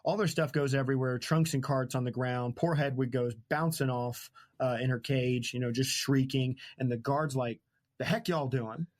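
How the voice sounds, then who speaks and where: Podcast host guy retelling a book, jokes around a lot, laughs, trails off mid-thought, mid-pitched. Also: fairly even intonation, normal speed, hardly any pauses. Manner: jokey, laughs often, trails off mid-sentence. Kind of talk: casual chat retelling a book.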